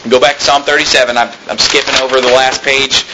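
A man's voice: medium pitch, level tone, fast talker, background noise. A man preaching a sermon as pastor, reading scripture aloud and rising sharply on his exhortations.

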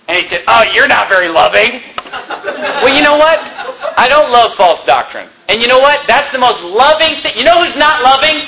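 A man's voice: very high-pitched, lively intonation, normal speed, long pauses. A male pastor telling a story from the pulpit in an emphatic, conversational way, chuckling now and then. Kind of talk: sermon storytelling. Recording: echoey room.

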